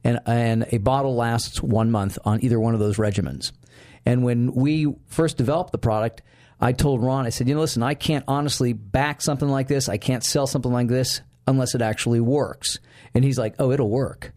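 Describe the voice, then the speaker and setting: Male podcast host, casual chat, mid-pitched, lively storyteller who acts out quotes. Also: fairly quick.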